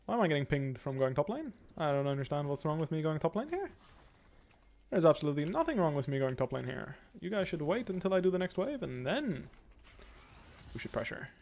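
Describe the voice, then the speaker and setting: Young man calmly analyzing his own gameplay. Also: fairly high pitch, a little fast. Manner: thinks aloud, calm and analytical. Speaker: pro gamer streaming. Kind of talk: live gameplay commentary.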